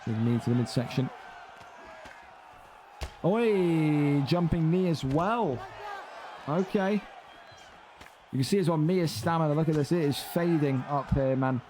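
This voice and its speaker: A young man doing play-by-play commentary on a fight game, excitable and climbing high and loud on big moments. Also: moderate pace, crowd noise, noisy background.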